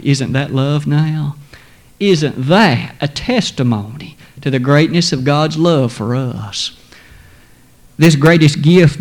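A man preaching a sermon, quoting scripture in old-fashioned wording, swelling loud and high on key words and dropping to a near whisper. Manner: emphatic, swells high then drops to a hush.

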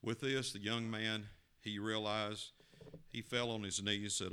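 Male preacher, folksy storytelling, low voice, bright forceful tone, expressive swells. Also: a little slow, slight background noise. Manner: folksy, expressive storyteller with sudden rises in pitch and volume. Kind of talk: sermon storytelling.

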